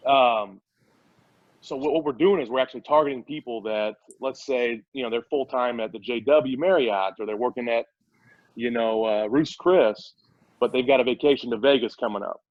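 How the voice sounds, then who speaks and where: A man's voice: mid-range voice, normal speed, no room sound. A man speaking as a startup CEO guest in a casual interview, eager and explaining at length with frequent restarts. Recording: dull, dry lo-fi audio.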